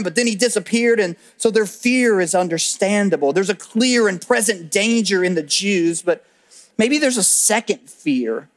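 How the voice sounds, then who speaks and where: A male pastor preaches with a slightly high voice. He tells the story with animated energy, then drops to a hush when he stresses key words. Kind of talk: sermon. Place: church auditorium.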